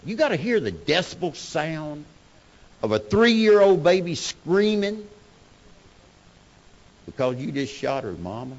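A man giving a personal testimony talk, swinging between hushed and shouted delivery. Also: high voice, highs cut off. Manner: Southern-style storytelling, emotional swings from hushed to shouting. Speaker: speaker sharing recovery story.

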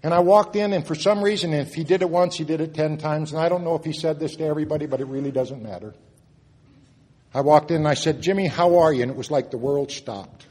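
A man sharing a personal recovery story at a meeting, earnest, moving between loud and hushed moments. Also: on the high side, steady tone, fast talker, breathy edge. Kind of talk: personal testimony talk. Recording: long reverb of a hall.

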